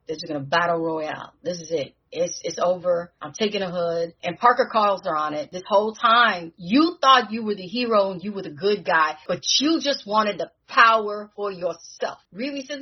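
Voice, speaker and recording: A woman co-hosting a podcast who recaps a TV show in casual chat, telling the story in an animated way with slang. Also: fairly low pitch, breathy edge. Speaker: podcast co-host. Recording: dull lo-fi recording.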